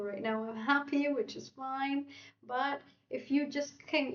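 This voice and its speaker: Higher-voiced woman teaching English, distant and roomy. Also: vocal fry. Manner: explanatory, checks in with "okay?" and "right?"; acts out example sentences with lively intonation. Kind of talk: livestream language lesson. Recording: roomy, distant and dull sound.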